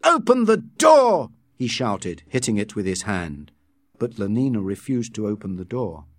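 A man reading a story aloud in a measured, expressive way as narrator. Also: lowish voice, no room sound, studio quality.

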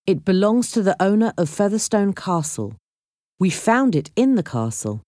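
A woman's voice: mid-range voice, big pitch swings, normal speed, mellow, no room sound, studio quality, lightly acted. A woman narrator voicing an eager young man in a storybook, speaking earnestly.

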